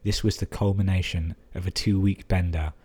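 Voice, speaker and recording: Reading listener stories on his podcast at a moderate pace, a young Englishman keeps his intonation fairly even. His voice is very low, dark, and slightly husky. He pauses often to mock the emails with dry, sarcastic, sweary asides.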